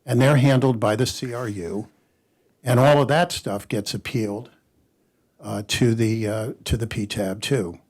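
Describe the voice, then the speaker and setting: A man, a patent lawyer on a conference panel, telling an animated story and quoting others in character. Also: medium pitch, a little slow. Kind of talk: anecdotal panel talk.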